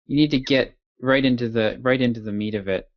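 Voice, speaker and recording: A man's voice: medium pitch, fairly even intonation, fairly quick. A man co-hosting a podcast in casual chat, giving direct, blunt advice. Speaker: podcast co-host. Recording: dull lo-fi audio.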